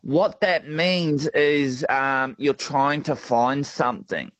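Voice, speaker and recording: A man's voice: mid-range voice, takes it slowly, a bit bright, dry recording. A man calling in to a radio show by phone, friendly and a bit hesitant. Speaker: caller. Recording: dull phone line.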